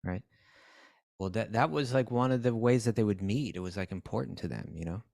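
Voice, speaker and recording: A man co-hosting a talk show, telling a story in a loose, animated way with plenty of restarts. His voice sits low, and it is recorded dry and close. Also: fairly quick, vocal fry, no echo. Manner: animated, many restarts and "you know"s. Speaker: podcast co-host. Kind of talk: casual storytelling chat.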